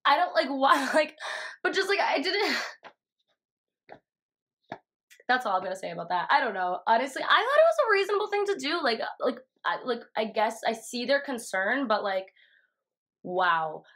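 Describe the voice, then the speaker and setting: A young woman telling a story in a casual, profane way, full of fillers and animated quotes. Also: high voice, normal speed, pauses often. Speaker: vlogger.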